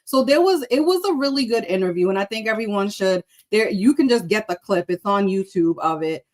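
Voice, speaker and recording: A woman co-hosting a casual political chat, giving her opinions in an earnest, fast-flowing way. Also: medium pitch, animated. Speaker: co-host.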